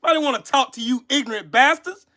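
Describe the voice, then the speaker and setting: A man's voice: extremely high pitch, quick pace, sharp tone. A man hosting a livestream, ranting with heated profanity and scolding people in his chat. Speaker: channel host. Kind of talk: livestream commentary rant.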